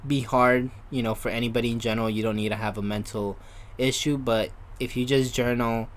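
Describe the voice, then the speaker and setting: A man's voice: medium pitch, steady tone, fairly quick. A young man, a podcast guest, talking in a casual, rambling way full of fillers. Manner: rambling, many fillers like "you know" and "kinda". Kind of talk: casual chat.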